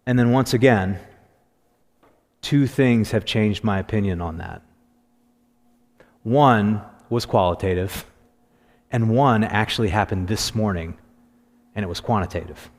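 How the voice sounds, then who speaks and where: A man's voice: lowish voice, measured pace, pauses often. Man preaching in a reverberant church. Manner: conversational storytelling, animated when quoting. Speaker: pastor. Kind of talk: sermon. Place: church sanctuary.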